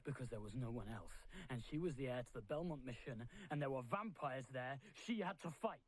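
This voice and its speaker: Dude voicing an angry young monster hunter in a cartoon, husky, dry close sound, swears a lot. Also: male voice, medium pitch, expressive, a little fast, no room sound, natural voice. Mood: bitter. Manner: heated, accusing, swears.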